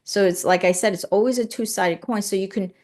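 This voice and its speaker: A woman's voice: mid-range voice, fairly quick, darkish tone. A woman hosting a live stream, talking casually and earnestly to her viewers, often repeating phrases for emphasis.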